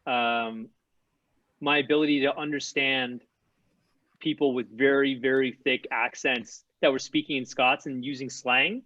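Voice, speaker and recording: A man talks loosely over a video call, circling his points with fillers and restarts. His voice sits at a middling pitch, dry with no room sound, and the audio is dull and lo-fi. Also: fairly even intonation, unhurried, bright, forceful tone, no echo. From Newfoundland, Canada. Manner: rambling, many fillers and restarts. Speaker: guest. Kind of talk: casual video call chat.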